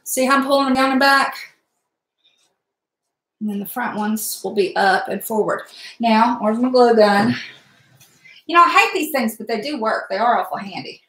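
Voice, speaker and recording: A woman's voice: on the high side, moderate pace, long pauses, a bit bright. Chatty woman crafting at home. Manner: chatty, blunt, mild cursing, talks while working. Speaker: crafting vlogger. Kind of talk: casual crafting livestream chat. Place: home room, indoors. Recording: echoey room sound.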